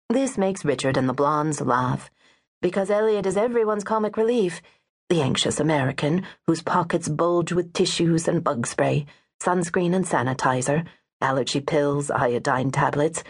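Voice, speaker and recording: Low-voiced woman narrating an audiobook. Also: breathy edge. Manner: wry, expressive. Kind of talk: first-person audiobook narration.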